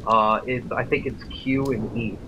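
A young man co-commentating a game in casual chat, laid-back and teasing, with halting filler-heavy speech. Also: mid-range voice, steady tone, muffled recording, background noise. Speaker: co-commentator watching. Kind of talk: casual let's-play commentary.

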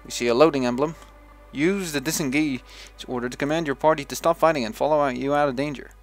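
Over soft background music, a young Dutch let's play gamer from the Netherlands talks fast in a voice on the high side. He chats casually while playing a video game, thinking aloud with restarts and self-talk.

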